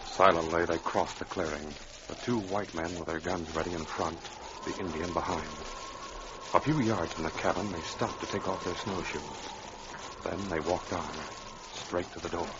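Male narrator, measured and dramatic, dull old radio recording with heavy hiss. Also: deep voice, steady tone.

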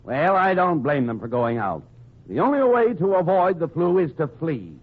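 A man's voice: on the high side, big pitch swings, moderate pace. Exasperated, scolding radio straight man. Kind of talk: 1940s radio comedy. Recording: dull old radio recording with faint hiss.

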